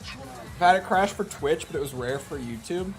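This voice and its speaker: A man's voice: a little high, animated, normal speed. A man streaming a video game, chatting casually and swearing now and then. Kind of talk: casual gameplay commentary. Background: game music.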